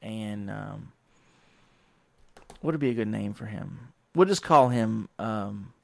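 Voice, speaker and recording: A man's voice: lowish voice, slow pace, gravelly, dry recording. A man, a professional wrestler, telling rambling work stories in a casual monologue, acting out what others said. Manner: rambling, animated quoting of others.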